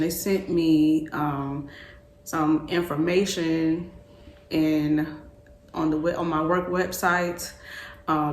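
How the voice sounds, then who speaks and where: Young woman vlogger, casual rambling storyteller, slightly low voice, echoey room with faint background noise. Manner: chatty, repeats herself, backtracks.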